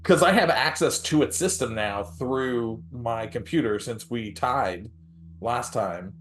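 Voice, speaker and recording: A man's voice: medium pitch, takes it slowly, a bit bright. Rambling man playing a tabletop game. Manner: rambling, with lots of "like". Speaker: player. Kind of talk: casual tabletop play.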